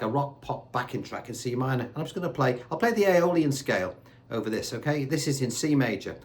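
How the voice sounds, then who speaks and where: A man's voice: mid-range voice, darkish tone. A man giving a casual guitar lesson, talking in a chatty way and asking rhetorical questions. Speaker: guitar teacher. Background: faint guitar and backing tracks.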